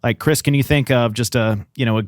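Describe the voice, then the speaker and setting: A man co-hosts a casual podcast, asking loose, rambling questions and cracking jokes. Half his mouth is numb from a dental injection. His voice sounds dry and close, at a middle pitch. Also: steady tone, fairly quick, no room sound. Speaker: podcast co-host.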